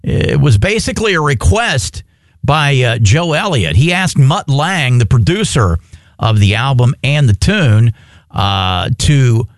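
A man's voice: medium pitch, very animated, a little slow, dry recording, clean studio sound. A man working as a radio DJ, chatting casually on air and telling a story with plenty of fillers.

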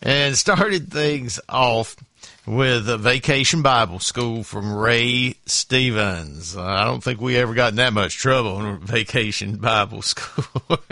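A man's voice: mid-range voice, slow, bright, forceful tone, no room sound. A man hosting a comedy show, chatting in a loose, hesitant way before introducing the next comic. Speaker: host.

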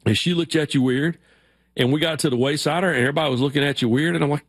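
A man's voice: fairly high pitch, quick pace, no echo, studio quality. A man hosting a sports radio show, telling stories casually and acting out quoted voices. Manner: animated storyteller, acts out shouted quotes.

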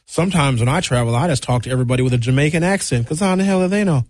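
A man hosting a talk radio show, chatting casually to listeners with lively slangy asides, from a studio mic. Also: medium pitch, racing, no room sound.

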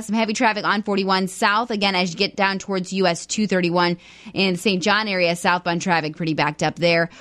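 Brisk female radio traffic reporter. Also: fairly low pitch, a bit bright, no room sound, studio quality.

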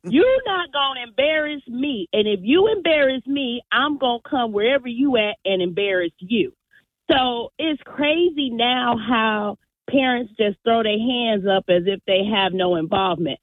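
A woman calling in to a radio talk show, telling a story in an animated way and acting out what people said. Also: a little high, normal speed, no room sound. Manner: animated storyteller, acts out quotes. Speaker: caller. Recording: dry tinny phone line.

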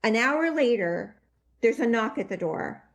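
A woman with a fairly high voice tells her story as an interview guest. Her voice is shaky with emotion, and she speaks haltingly, stopping and restarting often. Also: animated. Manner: halting, full of restarts and fillers. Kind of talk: personal storytelling.

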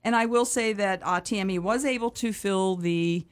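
A woman co-hosting a radio chat at a studio microphone. Her voice is mid-pitched and conversational. She laughs easily and sounds enthusiastic. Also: normal speed. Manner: chatty, laughs often, warmly enthusiastic about cats. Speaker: animal shelter representative and radio co-host.

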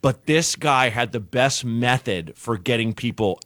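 A man, a comedian guest on a radio show, telling an anecdote in an animated way, acting out the people in it. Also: mid-range voice, a little slow, no echo, clean studio sound. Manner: animated, acts out voices in anecdotes. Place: radio studio.

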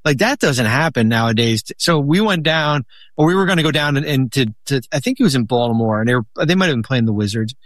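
A man's voice: medium pitch, fast, dry recording. Rambling man telling old deal stories. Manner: rambling, many restarts, animated when quoting. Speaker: guest, former basketball executive. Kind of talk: casual storytelling chat.

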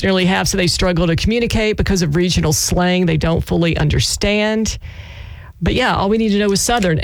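Chatty country radio DJ, gravelly. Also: medium pitch, no room sound. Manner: chatty, giggly, self-mocking. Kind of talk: casual on-air chat. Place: radio studio. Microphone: studio mic.

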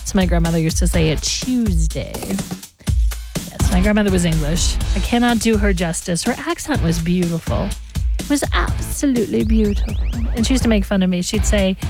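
A woman hosting a morning radio show, chatting casually and rambling straight to her listeners. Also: mid-range voice. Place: radio studio. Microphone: studio microphone.

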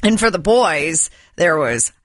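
A giggly radio co-host with an animated, bouncing voice banters casually. The sound is dry and close. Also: mid-range voice, takes it slowly, no echo.

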